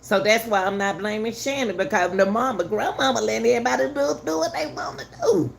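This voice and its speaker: A woman's voice: on the high side, fast talker, vocal fry. A middle-aged woman giving heated, casual commentary to her viewers, repeating herself for emphasis. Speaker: channel host commenting on a news case.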